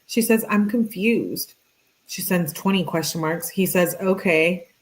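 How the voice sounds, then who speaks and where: A woman's voice: normal speed, poor audio. A young adult woman reading text messages aloud with commentary, her voice lifting slightly for the girl's lines. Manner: flat reading voice, pitch lifts for the girl's texts. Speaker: true crime commentator.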